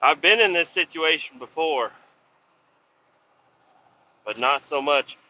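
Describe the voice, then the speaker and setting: A man talking while driving his truck, cursing and ranting at other drivers on the highway. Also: lively intonation, slow pace, pushed and bright, dull audio, a little hiss or hum. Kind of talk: casual driving vlog. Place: inside a truck cab on the highway.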